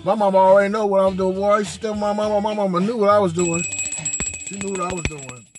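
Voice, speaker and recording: A man's voice: high-pitched, little pitch movement, quick pace, music in the background. A man hosting a podcast, telling a crude, profane comedic story in a boisterous manner and drawling some words out. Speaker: podcast host.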